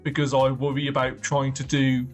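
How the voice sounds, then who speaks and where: A man talks his way through a drawing session on stream, wandering from thought to thought and trailing off mid-sentence. His voice sits at an ordinary middle pitch, and soft music plays faintly behind him. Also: monotone, normal speed. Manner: rambling, thinking aloud with soft trailing phrases. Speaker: art streamer. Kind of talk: casual livestream chat while drawing. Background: faint background music.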